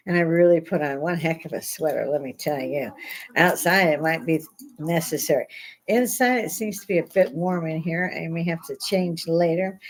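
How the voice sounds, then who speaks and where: Chatty older woman, low-pitched. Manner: rambling, chatty, laughs often; blunt, swears casually. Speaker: livestream host. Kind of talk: casual live chat. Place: home, indoors.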